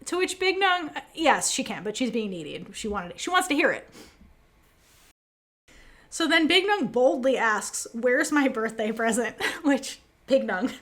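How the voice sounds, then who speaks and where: A woman co-hosting a podcast, chatting casually and animatedly with lots of fillers as she recaps scenes. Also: high-pitched. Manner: animated, fast, many fillers, quotes characters. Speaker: podcast co-host.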